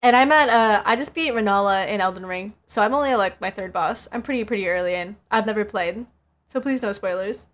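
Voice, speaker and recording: A woman's voice: medium pitch, brisk. A woman streamer chatting casually and laughing as she looks back on her old clips. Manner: laughing, reminiscing, slangy.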